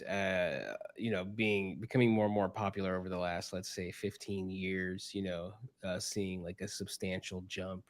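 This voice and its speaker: A man with a low voice, co-hosting a podcast and rambling through his answer with lots of fillers. The sound is close and dry. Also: dry recording. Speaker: podcast co-host. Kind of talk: casual chat.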